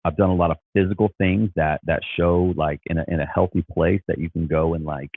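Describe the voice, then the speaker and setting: A man's voice: low voice, fairly even intonation, brisk, husky, no echo, narrow, tinny audio. A man talking as a Christian life coach, earnest and encouraging, often repeating and restarting his words. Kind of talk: casual motivational talk.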